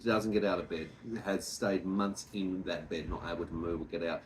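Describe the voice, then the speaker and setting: A man's voice: deep voice, fairly even intonation, moderate pace. A man co-hosting a vlog, explaining things in a supportive, casual way. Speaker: co-host. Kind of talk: casual chat. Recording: noisy home recording.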